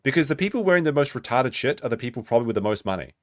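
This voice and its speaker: A man's voice: mid-range voice, big pitch swings, racing, no room sound, studio quality. A man doing reaction commentary on a stream, mocking and sardonic as he picks apart a clip.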